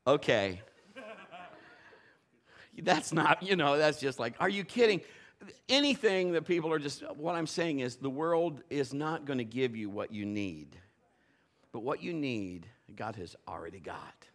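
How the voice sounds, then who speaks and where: A man's voice: mid-range voice, animated, unhurried, a bit bright. A middle-aged man, a pastor, telling a funny story in a sermon and acting out the voices, laughing often.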